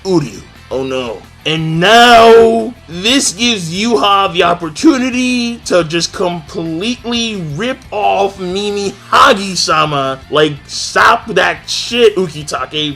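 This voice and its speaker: A young man with a fairly high voice reacts live as he reads a chapter, excitable and profane. He jokes constantly and talks straight to his viewers. Faint music plays underneath. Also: slow, vocal fry, few pauses. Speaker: channel host reacting to a manga chapter.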